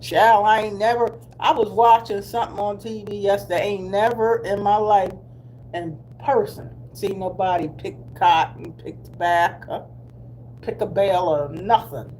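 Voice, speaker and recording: Middle-aged woman vlogger, unhurried chatty delivery, light hum behind. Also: medium pitch, steady tone, a little mellow. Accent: Black American English. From Delaware, US. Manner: chatty, slow and drawling, with laughs and asides. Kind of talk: casual live chat with viewers.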